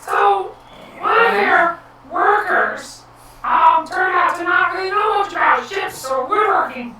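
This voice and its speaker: A woman player talking at a tabletop game in a hesitant, halting way with many fillers. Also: very high voice, sharp tone, slight background noise. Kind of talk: casual tabletop game chat. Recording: echoey room, far from mic.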